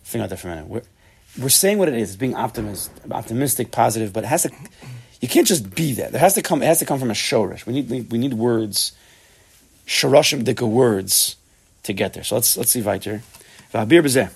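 A man giving a Torah class, animated and emphatic, often restarting his sentences. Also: mid-range voice, a little fast, vocal fry, slightly rough. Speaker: Torah teacher.

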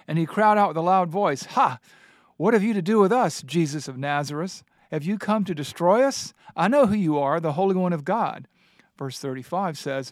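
A man's voice: a little high, no echo. Earnest man teaching scripture, dry sound. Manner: earnest, emphatic, reads scripture aloud. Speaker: Bible teacher and host. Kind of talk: scripture teaching in a studio discussion.

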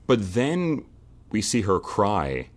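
Deep-voiced man co-hosting a podcast. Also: wildly swooping pitch, slow pace, a crowd in the background. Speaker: podcast co-host. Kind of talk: casual chat.

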